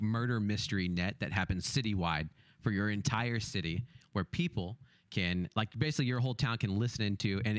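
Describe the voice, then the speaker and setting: Eager low-voiced man, dry close sound. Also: no room sound. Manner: eager, enthusiastic pitching an idea. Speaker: panel guest. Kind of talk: casual panel discussion.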